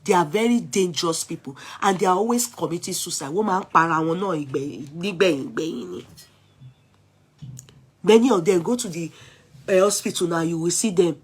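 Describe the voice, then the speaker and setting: A middle-aged woman with a Nigerian Yoruba accent, talking through casual commentary as a vlog host, animated and exclaiming as she switches between languages. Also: lowish voice, fairly quick, husky. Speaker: vlog host taking calls.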